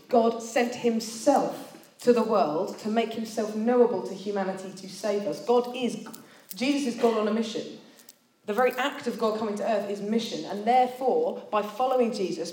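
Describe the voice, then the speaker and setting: A woman's voice: mid-range voice, a little mellow. Chatty woman preaching in a roomy hall. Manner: chatty, self-deprecating, many fillers. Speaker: speaker at a student church meeting. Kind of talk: sermon with personal storytelling.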